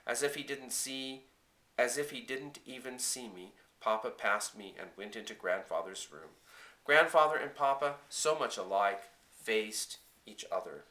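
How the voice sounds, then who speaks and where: A man narrating a storybook in the first person, gentle and measured, with phrases that trail off softly. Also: mid-range voice, animated. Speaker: audiobook reader.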